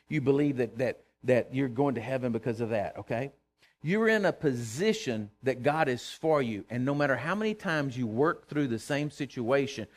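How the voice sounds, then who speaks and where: A middle-aged man preaching a fervent sermon, calling on the congregation to answer him. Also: mid-range voice. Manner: fervent, calls for responses from congregation. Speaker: pastor.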